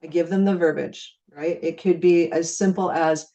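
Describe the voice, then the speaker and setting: Speaking at a moderate pace with few pauses, this middle-aged woman from Minnesota has a dark, steady, low-leaning voice. Her laid-back network marketing training is chatty, full of acted-out exchanges and friendly repeated lines, recorded well away from the microphone.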